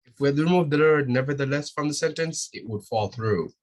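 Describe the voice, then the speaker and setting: A man's voice: fairly high pitch, a little fast, no room sound. A male student answering his teacher briefly and respectfully.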